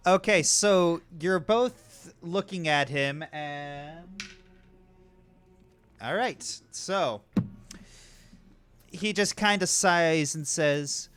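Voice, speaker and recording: A game master narrating a tabletop game in a relaxed, hesitant way. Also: mid-range voice, very slow, long pauses, clean tone.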